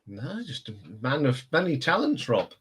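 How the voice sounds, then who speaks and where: A man's voice: fairly high pitch, very animated, normal speed, fairly bright tone, husky. A man with a Northampton accent, hosting a casual live stream chat and rambling with frequent laughs. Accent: Northampton English. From England. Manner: chatty, rambling, laughs often.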